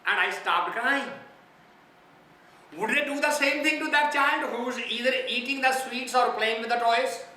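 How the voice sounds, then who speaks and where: A man's voice: extremely high pitch, moderate pace, bright, forceful tone, a little hiss or hum. A man from India giving a spiritual talk on a hymn, often putting questions to his listeners. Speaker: spiritual teacher. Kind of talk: sermon on a hymn. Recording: echoey hall, distant mic.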